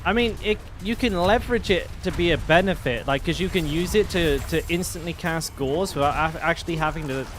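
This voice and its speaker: A man's voice: fairly high pitch, fairly quick, few pauses, a bit bright, a little hiss or hum. A young man chatting casually while streaming a game. He rambles, restarts his sentences and swears easily, with a faint game soundtrack behind him. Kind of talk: casual live-stream commentary.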